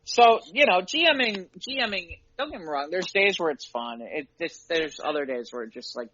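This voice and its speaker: Lively high-voiced man telling game stories. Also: normal speed, muffled recording, a little hiss or hum. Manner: animated, acts out players' lines in voices. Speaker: podcast co-host and game master. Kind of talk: casual chat.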